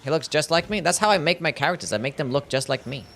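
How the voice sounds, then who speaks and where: A man's voice: on the high side, expressive, quick pace, a bit bright, slight background noise. A young man chatting casually as he streams a game, swearing freely and reading his chat aloud. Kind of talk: casual livestream commentary.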